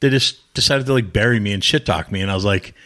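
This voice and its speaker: Low-voiced man telling blunt rambling stories. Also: fast, a bit bright. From New England. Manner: rambling anecdotes, blunt and profane, acts out quoted lines. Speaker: podcast guest, former pro wrestler. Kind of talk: casual storytelling interview.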